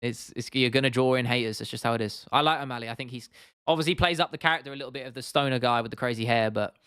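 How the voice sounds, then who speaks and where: Clean studio audio with a dry sound captures a man speaking very fast as he hosts an MMA livestream. His medium-pitched voice is clear, resonant, and a bit bright, and he rambles casually through viewer comments, swearing freely with lots of restarts and fillers.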